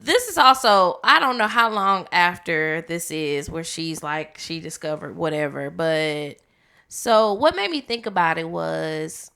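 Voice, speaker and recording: A woman's voice: lowish voice, animated, a little slow, vocal fry, bright, forceful tone, smooth. A woman co-hosting a podcast, casually discussing a movie, chiming in and pushing back on points. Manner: chatty, interjecting and correcting. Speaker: podcast co-host. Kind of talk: casual movie review chat.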